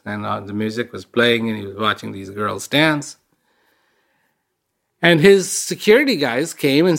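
A man's voice: mid-range voice, creaky, fairly bright tone. A man giving an inspirational talk, telling stories in a conversational way and repeating words for emphasis. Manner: conversational storyteller with fillers. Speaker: speaker giving a reflective talk.

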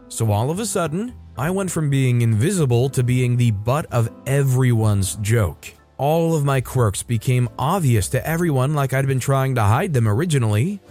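Man, story narrator, mid-pitched, steady scripted reading, faint music underneath. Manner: steady first-person storytelling, puts on a higher voice for quoted women. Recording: soft music bed behind. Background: faint background music.

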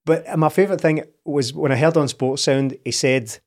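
A man's voice: fairly high pitch, normal speed. A Scottish man co-hosting a football podcast, telling anecdotes in an incredulous, chatty way. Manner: storytelling, incredulous. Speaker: podcast co-host. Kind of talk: casual chat.

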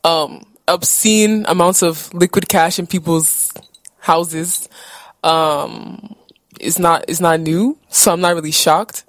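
A young woman hosts a casual podcast, chatty and playful in a fairly low voice. The sound is dry and close, with no room around it. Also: steady tone, dry recording. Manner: chatty, playful, quick to joke. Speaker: podcast host.

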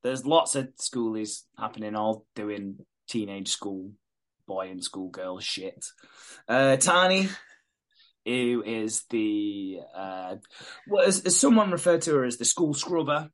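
A man's voice: fairly low pitch, expressive. Guy on a podcast rattling through a show recap, swears a lot, voices the characters. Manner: swearing, acting out characters' lines in quick asides. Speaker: podcast host.

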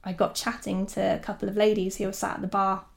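A woman recounts events in a relaxed, chatty way, full of fillers and small laughs. Her voice has a gravelly fry and stays fairly flat in pitch, sitting in the middle of her range. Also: quick pace. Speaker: documentary filmmaker guest. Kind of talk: casual storytelling.

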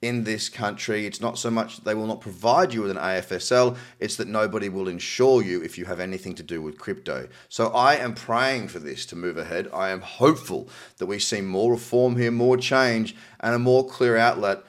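A man's voice: fairly low pitch, normal speed. Wry Australian man reading crypto news. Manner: cynical, wry asides, laughs at himself. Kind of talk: casual commentary reading news articles.

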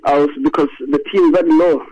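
A man phoning in to a show, boasting excitedly in broken English. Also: a little high, brisk, muffled recording. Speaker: caller. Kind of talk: call-in phone chat.

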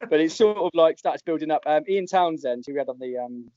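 A man hosts a podcast in a relaxed, chuckling way, breaking into laughter as he reads. His voice sits a little high but has a mellow, dark tone. The sound is dry and dull, like lo-fi podcast audio. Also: moderate pace, dry recording. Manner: laughing, chatty, reading out listener tweets. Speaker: podcast host. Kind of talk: casual chat.

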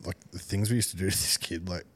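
A man's voice: sits low, steady tone, fast, a bit bright, husky. A young man co-hosting a podcast, telling a laughing, swearing anecdote in casual chat. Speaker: podcast co-host.

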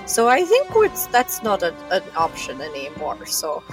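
A woman's voice: on the low side, huge pitch swings, normal speed, music in the background, low-quality recording. A woman playing a tabletop game in character, bubbly and scatterbrained, peppering her talk with "like" and "don't you know". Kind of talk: in-character tabletop role-play.

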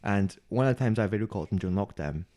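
Rapid-fire and on the low side, a male podcast co-host spins a story in relaxed chat. He's an animated storyteller who performs the other people's words and keeps breaking into laughter.

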